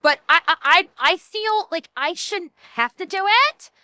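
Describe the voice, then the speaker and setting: Brief: whiny entitled Valley Girl, as a woman mocks her, high and bright, dry close sound. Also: no echo, full character voice. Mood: whiny mocking. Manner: mocking, drawn-out whining.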